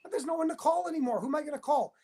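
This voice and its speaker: A man speaking in a heated interview as a whistleblowing TV producer, emphatic and insistent, talking in rapid bursts and repeating himself. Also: extremely high pitch, gravelly, crowd noise. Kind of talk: heated interview, phone-style conversation.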